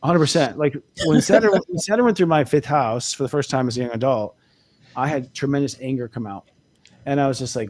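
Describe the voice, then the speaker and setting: A man's voice: medium pitch, brisk, a little mellow. A man co-hosting a casual spiritual talk show, speaking candidly as an astrologer and laughing often. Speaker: co-host, astrologer.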